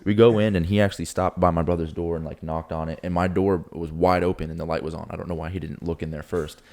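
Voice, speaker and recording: Young man, very deep voice, rapid talk, animated casual storytelling, swears a lot. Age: young adult. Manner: animated, swearing, acts out quotes. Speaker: podcast co-host.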